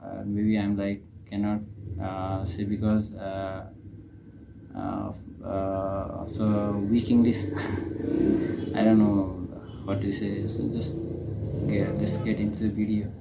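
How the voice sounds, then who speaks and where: Young Nepali-accented male reactor, unhurried and hesitant, slightly low voice, faint room hiss. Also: gravelly. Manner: hesitant, many fillers and restarts. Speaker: reaction video host. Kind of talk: casual commentary.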